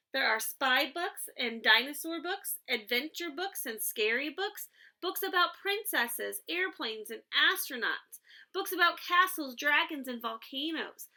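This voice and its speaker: A woman's voice: high-pitched, sharp tone, full character voice. A woman voicing a patient older brother, a young boy coaxing his little sister.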